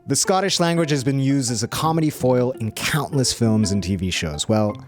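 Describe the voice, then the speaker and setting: A man's voice: mid-range voice, normal speed, soft background music. A young man from Bolivia co-hosting a podcast, teasing and upbeat. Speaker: podcast co-host. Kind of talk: casual chat and scripted narration.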